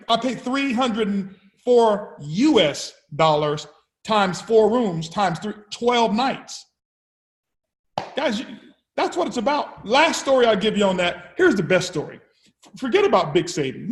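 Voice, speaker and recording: A man speaking to his business partners as company founder, telling energetic motivational stories, often repeating words and acting out conversations. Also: high-pitched, echoey room. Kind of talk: motivational storytelling speech.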